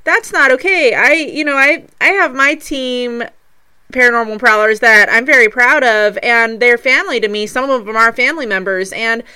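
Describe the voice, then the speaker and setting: A woman's voice: fairly high pitch, moderate pace, sharp tone, smooth. A woman hosting a casual chat, talking in a conversational, reflective way.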